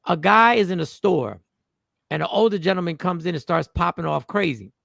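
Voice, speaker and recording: A man's voice: sits high, a little fast, gravelly, fairly bright tone, no room sound, studio quality. A man hosting a casual chat, playful and joking with his co-host. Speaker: podcast host.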